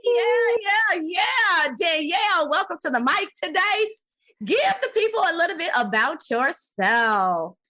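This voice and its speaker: Bright, high-voiced energetic woman host. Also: measured pace. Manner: energetic, playful repetitions, drawls words for emphasis. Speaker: podcast host. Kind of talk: upbeat podcast interview.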